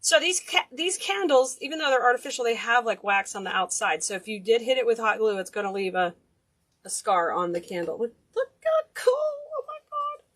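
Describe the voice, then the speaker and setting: A woman's voice: mid-range voice, expressive, a little fast, a bit bright. A woman hosting a casual DIY craft tutorial, chatty and enthusiastic, gushing over cute details. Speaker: craft video host.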